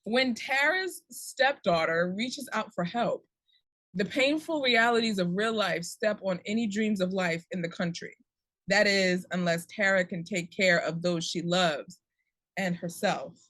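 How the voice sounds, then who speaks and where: A woman's voice: mid-range voice, a little slow, a bit bright, dry recording. A woman hosting a casual podcast chat about upcoming movies, reading summaries aloud with laughing asides. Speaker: podcast host.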